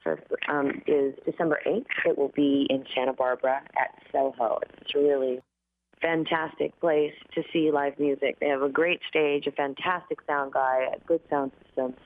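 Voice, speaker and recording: A woman talks through a thin, phone-like line, her voice a bit groggy and dry after a red-eye flight. She chats easily as a guest, with fillers and quick laughs along the way. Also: sits low, steady tone. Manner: chatty, laughs often, many fillers. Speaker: singer and guest. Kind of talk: casual interview chat. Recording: tinny phone-line audio.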